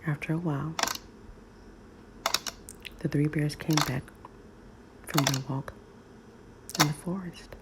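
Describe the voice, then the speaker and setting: A woman reading a children's story in soft ASMR whispers, over loud nail tapping clicks. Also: low-pitched, fairly even intonation, very noisy. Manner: soft, slow, soothing reading.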